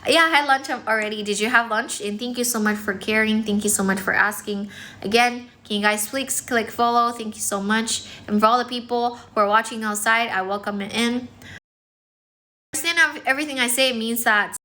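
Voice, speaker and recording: Woman livestream English teacher, casual and fast-talking, bright tone, phone mic. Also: fairly high pitch, steady tone. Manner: fast, chatty, many fillers, mixes in some Chinese. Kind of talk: casual livestream chat with viewers. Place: indoors, in front of a decorated background.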